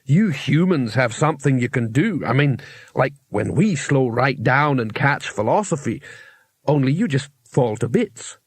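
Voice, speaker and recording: A man's voice: mid-range voice, animated, measured pace, slightly rough, dry recording. A man voicing a friendly, chatty male troll who muses cheerfully and matter-of-factly. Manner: cheerful, matter-of-fact, musing. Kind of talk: audiobook character reading.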